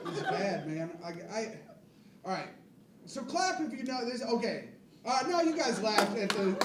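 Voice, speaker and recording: High-voiced crude stand-up man in echoey club. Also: far from the mic, very noisy. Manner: crude, self-deprecating, rambling with quick asides to the crowd. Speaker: stand-up comedian. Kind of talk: stand-up comedy set. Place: comedy club stage with a live audience. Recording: echoey club miked from afar, loud crowd.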